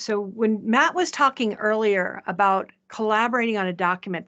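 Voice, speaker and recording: A woman presenting a software demo in a chatty way, often checking in with the audience. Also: mid-range voice, dull audio. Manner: chatty, asks "right?" often. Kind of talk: live software demo talk.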